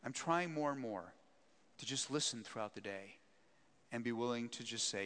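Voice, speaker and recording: A man who leads a seminary, telling a story in an animated, self-mocking way during a teaching talk. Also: mid-range voice, normal speed. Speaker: seminary president, speaker. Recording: echoey hall.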